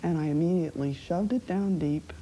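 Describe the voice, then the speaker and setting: A woman giving personal testimony in a documentary interview, talking in a halting, reflective way with many fillers. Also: lowish voice, mellow, slight background noise, rough recording.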